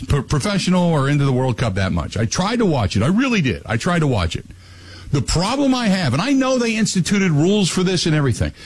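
A man hosting a radio talk show, plugging an event and then ranting, his voice climbing high when worked up. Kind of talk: casual radio talk and rant.

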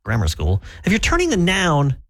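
A man co-hosting a morning radio show in relaxed on-air banter. His pitch swings widely as he muses, teases and laughs easily. The talk is wry and chatty. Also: normal speed.

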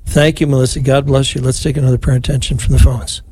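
An older man, a priest, leading a rosary on air and talking with callers in a warm, chatty, consoling way. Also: medium pitch, level tone, fast, husky, dry recording. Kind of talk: live rosary broadcast with callers.

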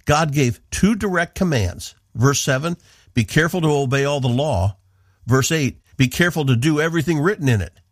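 A man's voice: a little high, dry recording. Earnest man teaching scripture, dry studio. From northeastern United States. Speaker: radio Bible teacher and host. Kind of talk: devotional teaching.

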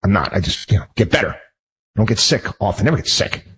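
Male host, husky, heated rambling monologue. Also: lowish voice, sing-song, fast talker, fairly bright tone, low-quality recording. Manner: heated, rambling, many restarts. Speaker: show host. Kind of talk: personal monologue.

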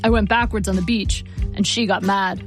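A woman's voice: mid-range voice, fairly even intonation, music in the background, natural voice. A woman doing a stubborn old dad. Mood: cheerful. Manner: slow, halting, stuttering. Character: elderly father, stubborn and suspicious.

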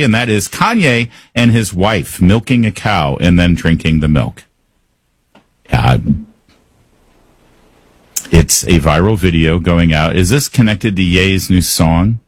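Male talk host, deep husky voice, dry booth sound, sarcastic commentary. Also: no room sound. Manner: sarcastic, exasperated asides. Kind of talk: opinionated news commentary.

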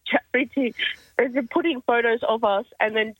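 A woman's voice: fairly high pitch, fairly even intonation, fast, low-quality recording. A woman calling in to a radio show, talking hesitantly with fillers. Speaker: caller. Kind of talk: casual radio call.

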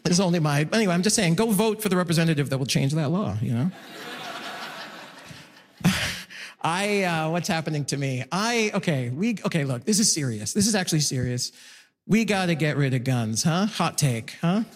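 A male stand-up comedian working a live room, with a voice that sits high and swoops around a lot. He breaks into excited high yelps when acting out moments. His voice carries through a reverberant venue with a long tail. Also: normal speed. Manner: animated, swinging into high excited yelps for acted-out bits. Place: comedy club stage.

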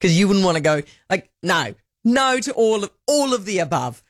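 A woman hosting a talk radio show, brisk, blunt and opinionated. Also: medium pitch, sing-song, no room sound, clean studio sound. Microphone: studio microphone.

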